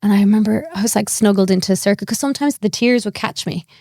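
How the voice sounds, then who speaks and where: Irish woman, young adult, comedian guest; gravelly voice, dry close mic, animated storyteller. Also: mid-range voice, fast talker, no echo. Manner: animated, acts out quoted voices, laughs often. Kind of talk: candid storytelling.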